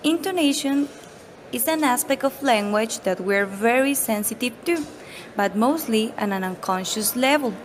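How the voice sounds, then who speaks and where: High-voiced woman narrating a pronunciation lesson. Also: expressive, slight background noise, low-quality recording. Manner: measured, explanatory delivery. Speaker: pronunciation teacher. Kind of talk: scripted instructional narration.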